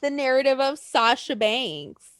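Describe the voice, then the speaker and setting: Casting: excitable woman co-host, high voice with big swings in pitch, dry close sound. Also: a little slow, smooth, no echo. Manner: swearing, excitable, laughs often, lively and chatty. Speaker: podcast co-host. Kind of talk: casual chat.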